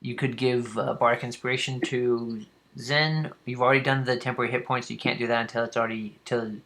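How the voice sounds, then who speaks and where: A man narrating a tabletop game as game master, pausing often with fillers and restarts. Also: medium pitch, level tone, fairly bright tone. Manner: halting, with frequent fillers and restarts.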